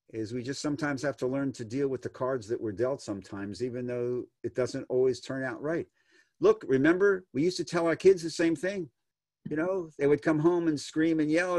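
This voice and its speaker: A man's voice: mid-range voice, a little mellow, dry recording, clean studio sound. A man, a rabbi, answering questions over a video call in a folksy, storytelling way, acting out the people he quotes. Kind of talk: answering questions in an online session.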